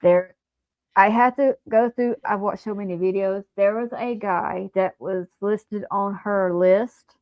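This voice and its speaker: A woman's voice: mid-range voice, no echo, muffled recording. A woman calling into a livestream, talking casually and often restarting her sentences. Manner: halting, restarts mid-sentence. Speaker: caller on a livestream. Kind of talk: casual chat.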